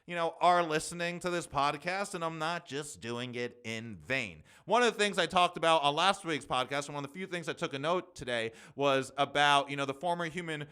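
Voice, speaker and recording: A young man hosting a solo podcast, talking fast and rambling with lots of fillers and restarts. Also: a little high, bright, forceful tone, clean tone. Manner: fast, rambling, talks quickly with many fillers. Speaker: podcast host.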